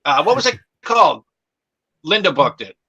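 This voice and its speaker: Bright, sharp-voiced male comic guest. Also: on the high side, very animated, normal speed, breathy edge, highs cut off. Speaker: comedian guest. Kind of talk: casual storytelling chat.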